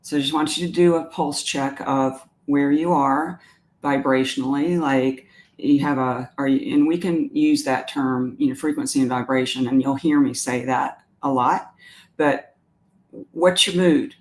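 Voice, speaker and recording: A woman's voice: a bass voice, fairly even intonation, measured pace, a little mellow. A woman with a Southern US accent hosts a live stream in a chatty, meandering way, reading viewer comments aloud and talking them through. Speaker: animal communicator hosting a live stream. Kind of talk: casual live-stream talk.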